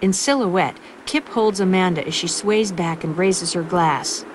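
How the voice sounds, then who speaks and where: A woman reads audio description in a calm, even voice. Her voice sits a little low for a woman. Loud film ambience runs underneath. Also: unhurried. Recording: noisy film soundtrack behind.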